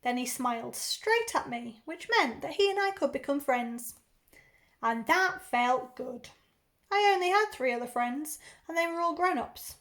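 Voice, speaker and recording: An English teacher reading a children's novel aloud in the first person, expressive and even, doing accents for the characters. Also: female voice, high voice, a little slow.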